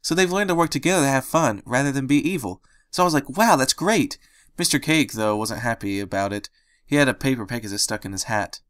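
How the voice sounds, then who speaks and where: A man voicing a hyper, bubbly female pink pony, squealing and excitable. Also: medium pitch, a little fast, no room sound, studio quality, lightly acted. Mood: excited.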